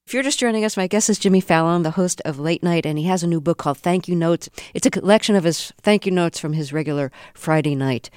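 A radio interviewer who asks questions in a calm, deliberate way. The voice is recorded close and dry, with no room echo around it. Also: medium pitch, clean tone.

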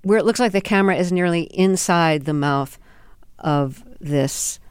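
A woman interviewer asking measured, probing follow-up questions. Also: lowish voice, clear, resonant tone, no echo, studio quality.

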